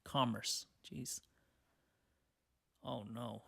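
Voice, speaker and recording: A young man hosts a solo podcast in a casual, unscripted way. He reads headlines aloud, then answers them with profane, sarcastic, rambling comments, and his voice sits at an ordinary middle pitch for a man. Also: fairly even intonation, extremely slow, vocal fry, a bit bright, slightly rough. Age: young adult. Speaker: podcast host.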